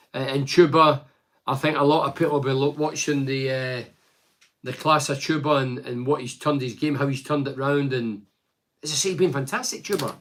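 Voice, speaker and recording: An older man from Scotland talking casually about football as a pundit, reading out fan messages and rambling with lively asides. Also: medium pitch. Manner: animated, chatty, rambling with asides. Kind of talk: casual solo football commentary.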